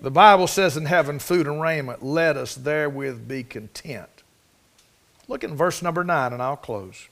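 Folksy preacher, fairly high voice. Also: male voice, normal speed, vocal fry, fairly bright tone. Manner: folksy storytelling with Southern rural speech. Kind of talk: folksy sermon.

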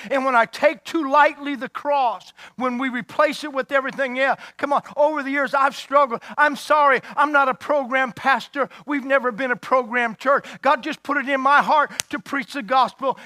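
A man's voice: extremely high pitch, fairly even intonation, normal speed, few pauses, sharp tone, no echo, clean studio sound. A male pastor preaching a sermon in an emphatic, fiery way, full of rhetorical questions.

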